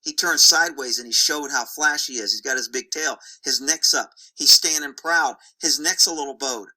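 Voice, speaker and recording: A horse trainer talks over paused video footage, driving points home with emphatic repetition and folksy slang. The voice is very bright and sharp, at a mid pitch. The delivery is blunt and animated, like a hands-on lesson. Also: rough recording. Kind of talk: narrated video commentary.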